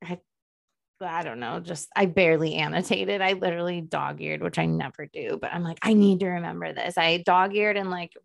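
A woman co-hosting a casual podcast, with a gravelly, fry-tinged edge in her voice. She rambles, laughs often and pokes fun at herself. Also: on the low side, a little fast. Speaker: podcast co-host. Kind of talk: casual book club chat.

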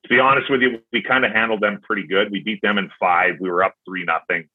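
Speaking quickly in a lowish, slightly rough voice with fairly even intonation, a former hockey player tells casual stories as a podcast guest. He acts out his own past comments, and the recording has a tinny, phone-like quality.

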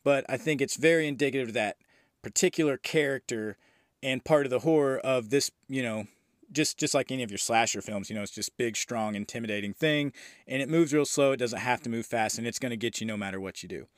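A man's voice: mid-range voice, brisk, dry recording, studio quality. A man hosting a movie review podcast, recapping a horror film in a loose, enthusiastic way with frequent fillers and the odd swear.

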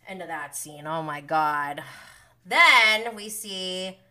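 A woman hosting a live recap show, talking in a casual, animated and blunt way straight to her viewers. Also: on the low side, slow pace.

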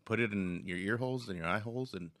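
A man's voice: fairly low pitch, fast talker, fairly bright tone. A young man hosting a live podcast, chatting casually in a joking, laid-back, rambling way. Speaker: podcast host.

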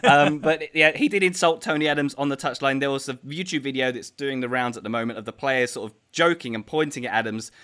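A man's voice: medium pitch, fast, hardly any pauses, pushed and bright, clear, resonant tone. A man hosting a casual podcast, running a quiz segment with a wry, joking manner.

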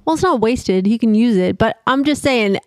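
A woman's voice: on the high side, animated, normal speed, dry recording. Sassy middle-aged woman co-host. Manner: teasing, sassy, swears. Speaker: podcast co-host. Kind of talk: casual chat.

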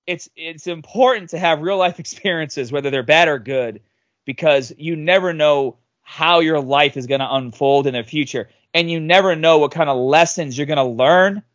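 Animated man in his thirties telling stories. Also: fairly high pitch, moderate pace, dry recording, lo-fi sound. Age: 30s. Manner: animated, acts out quoted voices loudly. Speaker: podcast guest. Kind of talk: casual storytelling.

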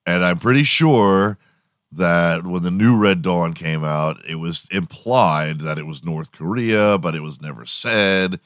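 A man hosts a casual comedy podcast, ranting with heavy swearing and frequent laughter. His voice sits fairly low, and the recording is dry and close to the mic with no room echo. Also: unhurried. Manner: profane, animated, laughs often. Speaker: podcast host.

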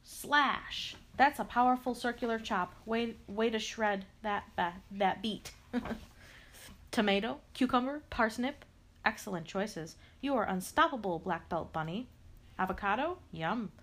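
A woman's voice: a little high, a little slow, a bit bright. A woman reading a picture book aloud, talking playfully to the character and adding sound effects. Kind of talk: expressive read-aloud to a character.

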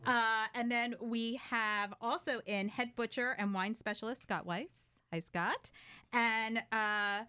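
A woman's voice: a little high, steady tone, takes it slowly, sharp tone, smooth. A woman hosting a talk show, interviewing guests in a chatty, enthusiastic way. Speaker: radio talk show host. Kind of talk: live interview chat.

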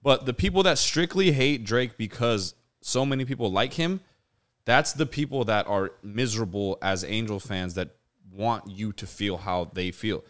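Slangy young man, lowish voice. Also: normal speed, a bit bright. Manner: slangy, profane, calls people dog and bro. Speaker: podcast co-host. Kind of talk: casual sports chat.

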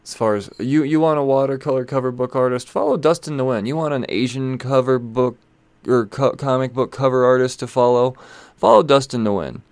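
A man's voice: mid-range voice, normal speed, darkish tone, no room sound. A man giving casual, rambling commentary on comic books, blunt and swearing freely, often trailing off mid-thought. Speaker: comic book reviewer.

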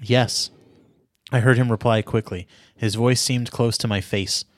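A man's voice: mid-range voice, fairly even intonation, measured pace, dry recording, studio quality. A man reading a melodramatic story aloud in a mock-serious tone, stopping now and then to joke with a co-host. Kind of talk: dramatic reading with banter.

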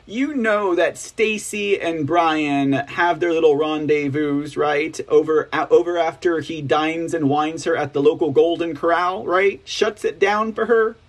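A man's voice: on the high side, unhurried, few pauses. A man from Texas with a Texan drawl, hosting a news commentary show, reading stories aloud with sarcastic, rambling asides and constant "right?" tags.

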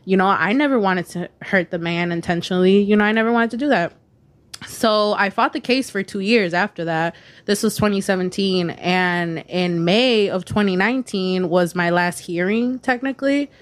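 A woman's voice: medium pitch, moderate pace. A woman in her twenties, a podcast guest telling a personal story in a candid, casual way, swearing freely and filling her talk with "like" and "you know". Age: 20s.

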